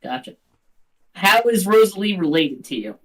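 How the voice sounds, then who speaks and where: A game master chatting casually with players at a tabletop game, animated and swearing freely. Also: medium pitch, normal speed, low-quality recording.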